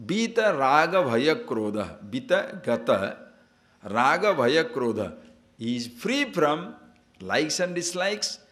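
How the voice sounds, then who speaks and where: Swami giving a lively discourse. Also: male voice, mid-range voice. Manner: anecdotal, asks listeners to see and understand; animated, laughs at his own stories. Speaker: spiritual teacher. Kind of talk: spiritual discourse on scripture.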